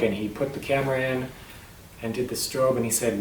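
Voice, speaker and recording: A man telling his own story, his voice tight and strained, catching in his throat, with halting restarts and throat clearing. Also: mid-range voice, fairly even intonation, echoey room, far from the mic, slight background noise, rough recording. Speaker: vlogger sharing his voice disorder. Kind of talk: personal vlog storytelling.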